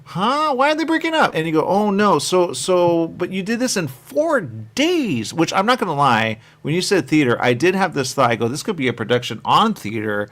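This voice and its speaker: A man interviewing filmmakers, chatty and rambling, telling animated stories. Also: on the high side, normal speed, few pauses. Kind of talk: festival interview.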